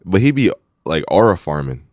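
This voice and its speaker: A man's voice: low-pitched, sing-song, moderate pace, a little mellow, dry recording, clean studio sound. A man co-hosting a podcast, chatting casually in a laid-back, joking, slangy way. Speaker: podcast co-host. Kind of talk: casual chat.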